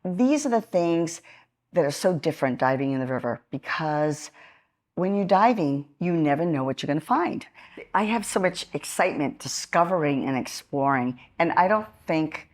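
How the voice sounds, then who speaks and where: A woman's voice: deep voice, animated, normal speed. A middle-aged woman with a Massachusetts accent, giving an informal historical talk with a lot of enthusiasm, many fillers and restarts.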